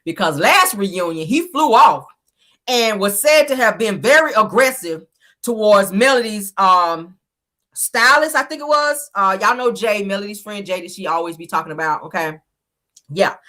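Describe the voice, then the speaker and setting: Lower-pitched woman host doing a casual, emphatic reality show recap, peppered with asides. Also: bright, forceful tone. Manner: chatty and emphatic, with frequent "okay?" asides and bursts of laughter.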